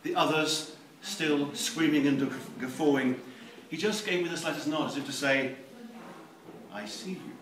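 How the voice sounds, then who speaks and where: A man reading a novel aloud at a live event, theatrical and expressive. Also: fairly high pitch, moderate pace. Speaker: reader. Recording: echoey room, distant mic, faint noise.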